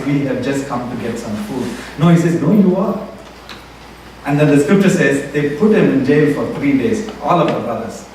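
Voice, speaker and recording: A pastor with a medium-pitched, slightly mellow voice preaches a sermon in a church sanctuary, retelling a story and acting out the quotes. The echoey hall is recorded from a distant mic, with faint room noise.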